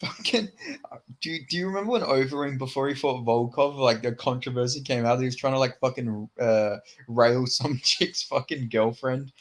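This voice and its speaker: A man's voice: mid-range voice, moderate pace. A man co-hosting a casual podcast chat, loose and profane, laughing at his own failed accent impressions. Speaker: podcast co-host.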